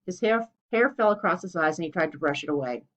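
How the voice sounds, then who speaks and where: A woman reading a children's storybook aloud in a clear, steady way. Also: lowish voice, quick pace. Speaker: narrator. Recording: dull lo-fi recording.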